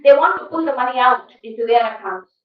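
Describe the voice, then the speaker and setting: A woman with an Indian English accent lectures a college class, pressing them with one rhetorical question after another. Her voice sits high and carries emphatic energy. The sound comes from some distance in a reverberant hall. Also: quick pace. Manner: emphatic, animated. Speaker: guest lecturer. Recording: echoey hall, distant dull mic.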